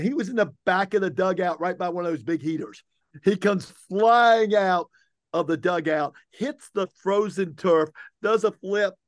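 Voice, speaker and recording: A man's voice: a little high, no room sound, clean studio sound. Man laughing through a coaching anecdote. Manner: lively, laughing anecdote-telling. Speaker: soccer coach and podcast co-host. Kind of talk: casual chat and storytelling.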